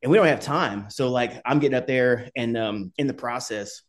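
Medium in pitch and moderate in pace, this middle-aged podcast guest, formerly an Army skydiver, tells rambling stories in casual conversation while cursing and laughing along the way.

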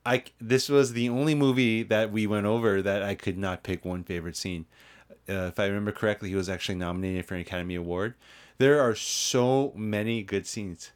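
Movie podcast guy running the show, lowish voice, asks the questions, kinda teasing. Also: steady tone, fairly quick. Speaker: podcast co-host. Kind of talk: casual chat.

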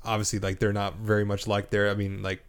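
A man's voice: fairly low pitch, completely flat delivery, quick pace, clean tone. Rambling man with filler words. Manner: hesitant, many fillers. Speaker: podcast co-host. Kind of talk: casual movie discussion.

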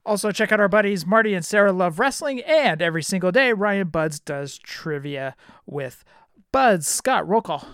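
A man hosting a podcast, giving friendly shout-outs in a casual chat and laughing often. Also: high voice, lively intonation, normal speed, clear, resonant tone, no room sound, clean studio sound. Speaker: podcast host.

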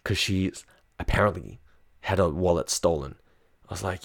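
A man's voice: deep voice, sing-song, normal speed, creaky, pauses often, a bit bright. A young man telling a personal story in a loose, chatty, profane way. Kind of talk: casual storytelling.

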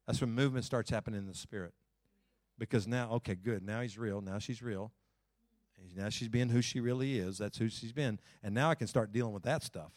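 Animated man preaching with dry sound. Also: medium pitch, no room sound. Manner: folksy, talks to the congregation directly. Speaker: pastor. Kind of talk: sermon.

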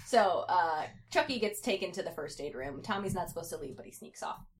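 A woman's voice: fairly low pitch, lively intonation, brisk, slight background noise. A young adult woman hosting a casual comic podcast, reading fan fiction aloud with giggly, sarcastic asides. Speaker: podcast host.

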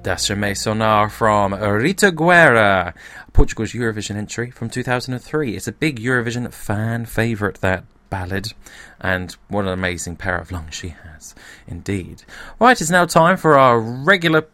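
Male presenter, casual and talkative, slightly low pitch, dry recording. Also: normal speed, bright, forceful tone, no room sound. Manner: chatty and informal, with asides and chuckles. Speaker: host of a music show. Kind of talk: casual radio-style presenting.

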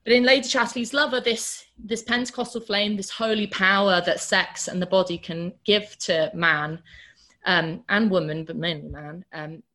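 A woman's voice: medium pitch, steady tone, moderate pace, sharp tone. A woman giving an informal literature lecture, talking through a novel with fillers and reading quoted passages aloud with rising force.

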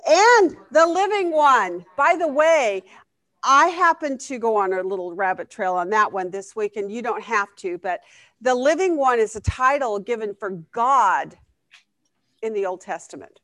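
A woman's voice: on the high side, lively intonation, unhurried, a bit bright, no room sound. A woman teaching a Bible study class in a conversational way, often asking the group questions. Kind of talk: interactive Bible lesson.

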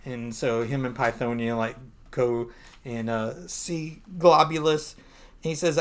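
Man, podcast co-host, easygoing chatty recap with laughs, mid-pitched voice. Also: fairly even intonation, measured pace. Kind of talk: casual comic book discussion.

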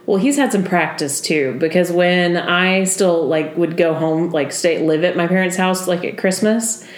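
A young woman co-hosting a podcast, easygoing and quick to laugh. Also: lowish voice. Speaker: podcast co-host. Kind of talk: casual chat. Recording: roomy echo.

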